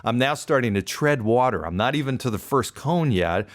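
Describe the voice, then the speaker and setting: A man hosting a podcast, telling a personal story in an animated, self-deprecating way. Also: mid-range voice, moderate pace. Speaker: podcast host. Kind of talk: casual storytelling monologue.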